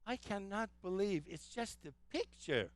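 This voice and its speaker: A man gives a presentation to a live audience, moving between enthusiastic facts and anecdotes with frequent fillers. His voice is smooth and clear and sits a little high for a man. The recording is dry and close. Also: expressive, unhurried, dry recording. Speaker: travel presenter.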